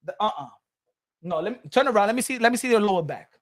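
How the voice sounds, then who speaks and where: A man hosting his own boxing channel, telling stories in a rambling, animated casual chat full of restarts. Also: sits high, quick pace.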